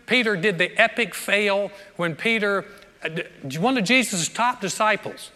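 A male pastor with a high, bright voice preaches a sermon at a measured pace, keeping it conversational and often doubling back to repeat words. The recording comes from a large church sanctuary, where a long reverb lingers after each line.

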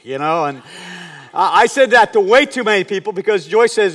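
A man in his fifties with a high voice preaches in a conversational, storytelling way. He often turns to the congregation with questions. His voice carries a long reverb from a large hall. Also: lively intonation, moderate pace. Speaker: pastor. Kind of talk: sermon.

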